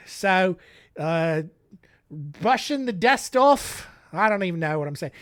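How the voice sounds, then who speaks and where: Male podcast host, fake Aussie accent, slow and dry, rambling and self-mocking. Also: sits high, bright, forceful tone, no room sound. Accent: put-on Australian. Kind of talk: casual monologue.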